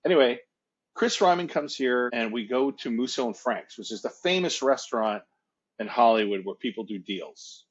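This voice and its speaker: Man, husky voice, casual rambling storyteller, muffled lo-fi audio. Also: mid-range voice, animated, moderate pace. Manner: rambling, repeats words and restarts. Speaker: guest actor and producer.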